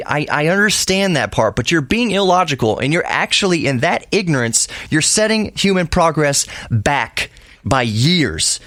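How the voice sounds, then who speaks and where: A man's voice: on the high side, a bit bright, dry recording. Emphatic lecturing man, dry sound. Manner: emphatic, lecturing, with frequent restarts. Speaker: podcast host. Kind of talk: solo opinion monologue.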